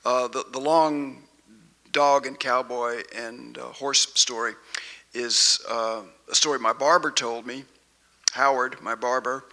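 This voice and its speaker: A man, a poet, giving a festival poetry reading, chatty and halting between poems and unhurried when reading them. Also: medium pitch, steady tone, bright, forceful tone. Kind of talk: poetry reading with spoken introduction. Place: festival stage before an audience.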